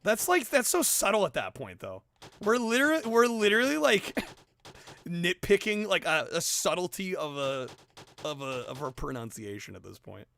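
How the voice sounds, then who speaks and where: A male streamer chatting casually with his viewers, animated and argumentative, laughing often and swearing now and then. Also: high voice, moderate pace, creaky. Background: background music.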